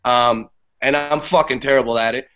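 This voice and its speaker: A man guesting on a podcast, talking about a play in casual, animated chat and swearing freely. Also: medium pitch, moderate pace, smooth. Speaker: theater guest. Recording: dull lo-fi podcast audio.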